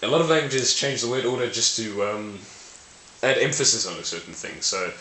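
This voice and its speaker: Playful low-voiced man, bright and roomy. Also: a little fast. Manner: playful, self-correcting, laughs at own slips. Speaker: language video host. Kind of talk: casual explainer to camera. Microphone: camera mic. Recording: roomy with faint hiss.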